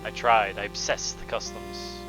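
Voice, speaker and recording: A man voicing a dying male game villain, reading the lines quietly and somberly. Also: lowish voice, flat delivery, moderate pace, over music, close to an everyday voice, poor audio. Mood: bitter, mournful. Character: dying bitter male villain, lifelong outsider. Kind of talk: reading game dialogue aloud.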